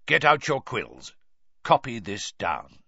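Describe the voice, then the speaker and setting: Man reading as a stern old wizard drill-teacher, husky, barking, big swings in pitch. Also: big pitch swings, slow pace, sharp tone, no echo, exaggerated voice. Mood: stern lecturing. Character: gruff scarred old male wizard teacher. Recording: dull dry recording.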